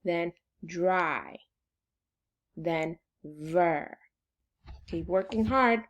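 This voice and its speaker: A woman teaching a recorded phonics lesson to second graders, speaking clearly and patiently and dictating spelling words slowly. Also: lowish voice.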